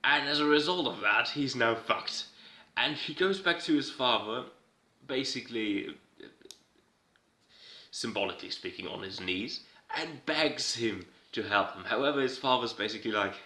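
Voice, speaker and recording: A man's voice: medium pitch, normal speed, bright, forceful tone. A man giving a casual, irreverent recap, rambling and swearing as he goes. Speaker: video host recapping a TV episode. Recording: roomy echo.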